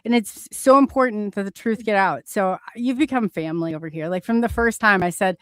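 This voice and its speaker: A woman's voice: medium pitch, brisk, fairly bright tone, dry recording. A woman hosting a casual talk show, enthusiastic and full of likes and you-knows. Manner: enthusiastic, filler-heavy. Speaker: host. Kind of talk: casual chat.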